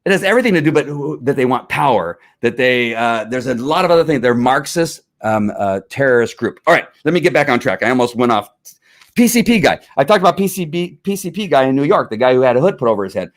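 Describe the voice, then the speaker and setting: A man's voice: medium pitch, fast. A middle-aged man, a former police officer, riled up and ranting in heated commentary, full of restarts. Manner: riled up, animated, talks over himself with restarts.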